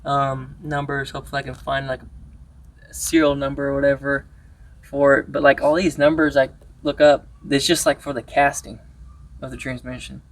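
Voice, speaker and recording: A man's voice: medium pitch, little pitch movement, moderate pace, roomy sound, recorded from a distance. A man casually talking through a truck repair, rambling with lots of fillers and restarts. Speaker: YouTuber restoring a truck. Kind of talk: casual workshop how-to vlog.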